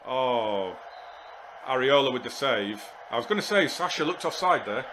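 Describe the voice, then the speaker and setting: A man commentating live on his football management game, exasperated and muttering to himself, with sudden shouts when goals go in. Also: medium pitch, expressive, moderate pace, a little hiss or hum. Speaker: gaming YouTuber.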